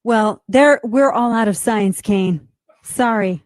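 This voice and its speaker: A woman hosting a radio talk show, giving mocking, animated political commentary with quick asides. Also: fairly high pitch, dry recording, clean studio sound.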